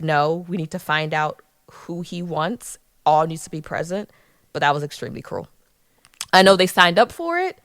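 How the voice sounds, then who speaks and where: A woman from Philadelphia co-hosting a podcast in casual chat, animated and laughing, acting out quoted lines. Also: sits low, no room sound, clean studio sound. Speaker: podcast co-host.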